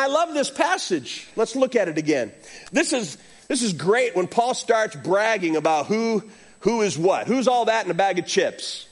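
A middle-aged male pastor preaching a sermon, telling stories and acting out voices. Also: high-pitched. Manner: animated storytelling preacher, acts out voices.

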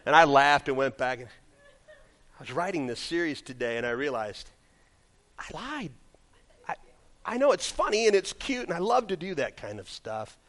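Animated pastor with a lively voice. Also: male voice, on the high side, fairly quick. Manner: animated storytelling, swings from loud scripture reading to quiet asides. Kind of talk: sermon. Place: church sanctuary.

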